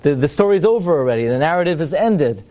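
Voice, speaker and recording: Torah teacher, male, fairly high voice, chants verses then quips, live class. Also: expressive, fast, dark tone. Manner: rhetorical questions, wry humorous asides. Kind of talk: lecture to a live audience.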